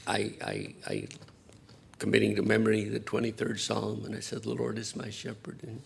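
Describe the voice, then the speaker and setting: A man preaching a Sunday sermon as pastor, rambling and self-deprecating, swinging between hushed asides and loud emphatic lines. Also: lowish voice, vocal fry, slight background noise.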